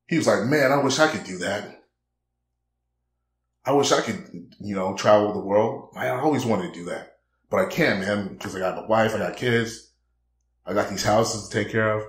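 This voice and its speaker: A man's voice: lowish voice, reverberant. A man in a blunt, preachy casual monologue, peppering his talk with "man" and acting out quoted conversations. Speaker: vlogger.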